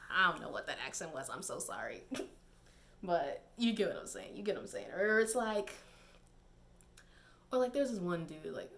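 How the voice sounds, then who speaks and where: A woman's voice: fairly low pitch, lively intonation, moderate pace, gravelly, long pauses, a bit bright. A young woman giving casual, digressive commentary to camera, laughing and using many fillers. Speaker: YouTube commentator.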